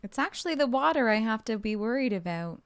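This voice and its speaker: Bubbly high-voiced woman streamer. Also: fast. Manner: bubbly and excitable, with gasps and giggles; playful, jokes and role-plays as a mermaid. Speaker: game streamer. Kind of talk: casual live-stream chat with viewers.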